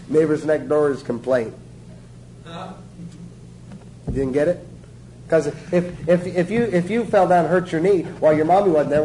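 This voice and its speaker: High-voiced folksy man preaching. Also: mellow, slight background noise, rough recording. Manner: folksy, jokey, asks the audience questions. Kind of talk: informal sermon teaching.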